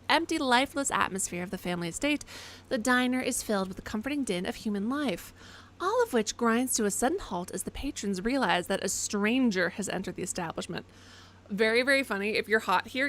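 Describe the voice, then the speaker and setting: A woman's voice: mid-range voice, a bit bright. A woman streaming a horror game live, reading the narration aloud and chatting in a playful way.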